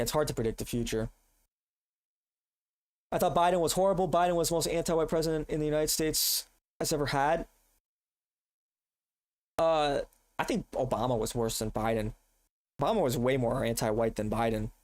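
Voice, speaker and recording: A man streaming live with a stuffed-up nose, talking loosely and cursing freely. He rambles, trips over his words and starts sentences again. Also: mid-range voice. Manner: loose, profane, rambling, with restarts. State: congested. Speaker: streamer reacting to videos. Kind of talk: casual live-stream chat.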